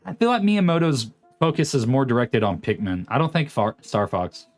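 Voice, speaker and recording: Late-20s guy streaming, rambly and lively, lotta ups and downs in his voice, faint music behind. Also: medium pitch, normal speed. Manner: rambling, chatty, reads chat aloud. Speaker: streamer host. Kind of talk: casual livestream chat.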